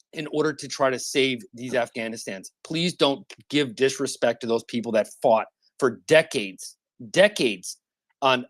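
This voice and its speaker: A man's voice: medium pitch, no room sound. Heated, insistent man arguing. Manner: passionate, insistent, repeats himself when interrupting. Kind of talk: heated debate.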